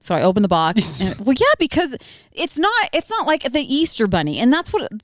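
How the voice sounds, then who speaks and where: A woman's voice: on the high side, wildly swooping pitch, a little fast, no room sound, studio quality. A woman co-hosting a podcast, chatting casually about her kids, rambling and laughing often. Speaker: podcast co-host. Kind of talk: casual chat.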